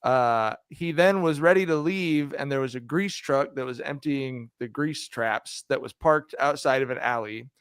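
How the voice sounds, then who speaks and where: A man's voice: medium pitch, normal speed, hardly any pauses, fairly bright tone, smooth, dry recording, clean studio sound. A man co-hosting a casual sports podcast, laughing often as he recounts a story. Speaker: podcast co-host.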